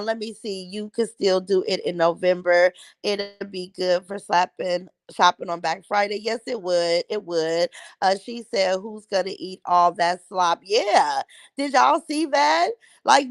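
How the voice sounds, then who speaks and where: A woman's voice: on the high side, a bit bright, dry recording. A middle-aged woman hosting a livestream, chatting casually with viewers and trash-talking bluntly. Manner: blunt, mocking trash talk. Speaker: livestream host. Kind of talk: casual chat reacting to live viewer comments.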